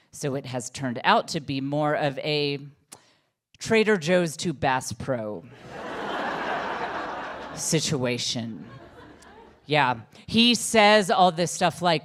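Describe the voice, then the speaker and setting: Animated middle-aged woman doing stand-up. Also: low voice. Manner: animated, self-deprecating storytelling. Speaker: stand-up comedian. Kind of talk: stand-up comedy set.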